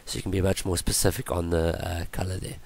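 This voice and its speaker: Guy with a deep flat voice doing a coding tutorial, sick and losing his voice, lots of ums. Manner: halting, many ums and restarts. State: voice going from illness. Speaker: tutorial presenter. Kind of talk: screen-recorded coding tutorial.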